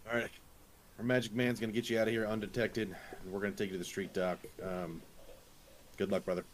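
A man plays a tabletop game, speaking in character in a blunt, matter-of-fact way. His voice sits a little low. A faint hiss runs under the recording. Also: level tone, fast talker.

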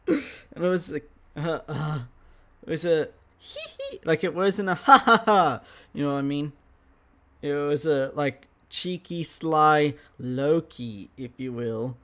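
Lively high-voiced man telling a story. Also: takes it slowly. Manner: animated, swearing, laughing often. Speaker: podcast host. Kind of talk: casual storytelling monologue.

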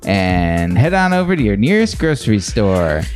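A man, a comedian guest, doing an improvised comedy bit with drawn-out, exaggerated delivery. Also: lowish voice, very animated, darkish tone, faint music behind.

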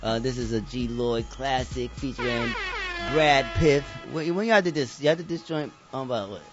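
A man hosting a casual radio show, talking loose and slangy, laughing often and getting excited. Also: mid-range voice, moderate pace. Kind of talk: casual chat. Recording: dull lo-fi sound with faint music.

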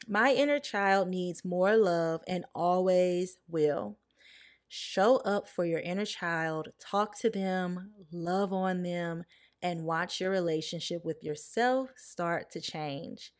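A woman in her late twenties hosting a reflective solo podcast, talking candidly and heartfelt, speaking straight to her listeners. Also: lowish voice. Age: late 20s. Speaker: podcast host.

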